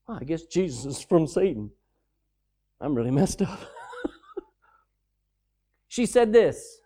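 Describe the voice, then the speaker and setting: Animated, sarcastic male preacher. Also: fairly high pitch, unhurried, long pauses. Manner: mocking, sarcastic asides; animated and emphatic. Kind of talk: sermon.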